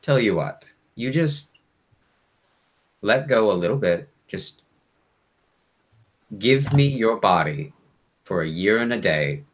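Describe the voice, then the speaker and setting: A man's voice: on the low side, lively intonation, takes it slowly, long pauses. A man voicing a sly, wheedling demon. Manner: wheedling, coaxing, sarcastic. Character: sly male demon bargaining with its host.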